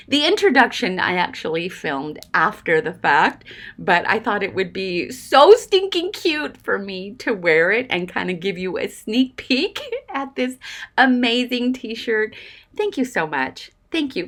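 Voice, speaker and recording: A woman in her forties chats through a casual craft vlog, gushing with thanks and laughing often. Her voice sits at a middle pitch and swings widely up and down as she talks. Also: sing-song, measured pace, a bit bright. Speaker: junk journaling crafter. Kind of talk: casual craft vlog, opening happy mail.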